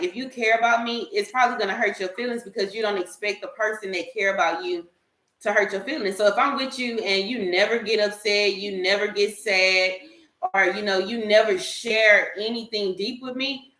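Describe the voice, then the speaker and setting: A woman with a mid-range voice that sounds pushed and bright speaks as a panel guest. In a candid group discussion, she earnestly and emphatically lays out her views at length, recorded in an echoey room.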